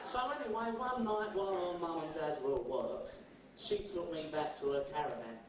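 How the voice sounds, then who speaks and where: A man doing cheeky live stand-up comedy with quick one-liners and an English accent. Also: on the high side. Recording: distant mic, echoey, loud crowd noise.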